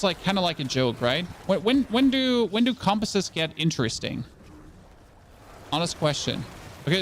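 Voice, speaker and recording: A man's voice: fairly high pitch, gravelly, slight background noise. A young man giving casual gameplay commentary as a streamer, rambling, stammering over his words and asking his viewers questions.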